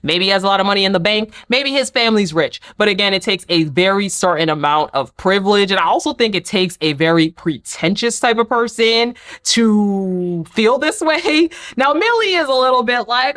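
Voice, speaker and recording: Woman, young adult, casual reality TV recap, animated, chatty asides, mid-pitched voice. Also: normal speed. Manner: animated, talks back to the cast in quoted asides. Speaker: TV recap reviewer.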